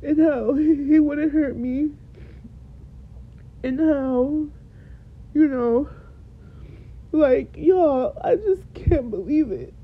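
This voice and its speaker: A woman's voice: high voice, animated, very slow, long pauses, slight background noise. A young woman hosting a podcast, telling her own story to listeners while tearful and repeating herself for emphasis. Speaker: podcast host. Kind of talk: emotional personal storytelling. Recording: dull lo-fi recording.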